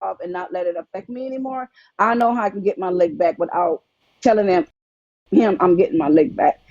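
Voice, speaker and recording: Halting woman on a dull, dry line. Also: mid-range voice, a little mellow, dry recording. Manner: earnest, halting, repeats herself. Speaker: livestream guest. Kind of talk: casual chat.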